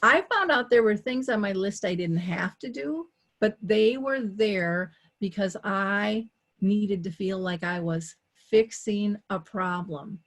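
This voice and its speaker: A woman in a conversational interview, telling her story with energy. She acts out her own quoted thoughts and switches between rapid asides and slow, weighty emphasis. Her pitch sits in an ordinary middle range. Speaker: dementia care advocate and talk show host, here as a guest.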